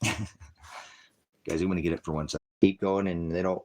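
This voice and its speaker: A man's voice: low-pitched, steady tone, moderate pace, pauses often. A man hosting a casual livestream, rambling and joking, often breaking off to baby-talk his dogs. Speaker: livestream host.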